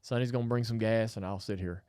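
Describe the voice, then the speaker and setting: A man's voice: fairly low pitch, fast, clear, resonant tone, no echo. Man telling a story. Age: middle-aged. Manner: animated storyteller, acts out quotes. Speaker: podcast co-host. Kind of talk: casual storytelling chat.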